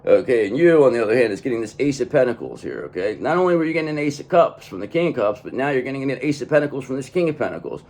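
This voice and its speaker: A man's voice: medium pitch, very animated, racing, few pauses, a little mellow. Emphatic man doing a tarot reading. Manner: emphatic, keeps adding "okay?" after each point. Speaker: tarot reader.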